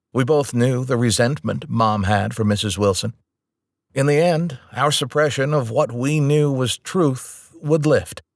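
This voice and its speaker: A man's voice: mid-range voice, dry recording, clean studio sound. A man reading a novel aloud as a first-person audiobook narrator, in a plain, conversational storytelling manner.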